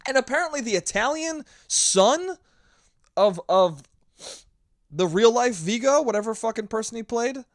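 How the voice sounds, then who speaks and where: A man's voice: extremely high pitch, lively intonation, moderate pace, no echo, clean studio sound. A young man hosting a solo podcast, ranting sarcastically and swearing a lot while acting out mocking voices. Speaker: podcast host. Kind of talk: solo comedic rant.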